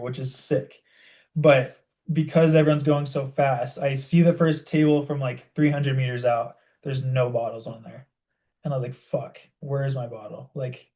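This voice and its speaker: A young man co-hosting a podcast, telling a story in animated casual chat and saying "like" constantly. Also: medium pitch. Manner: animated storytelling, heavy use of "like". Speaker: podcast co-host.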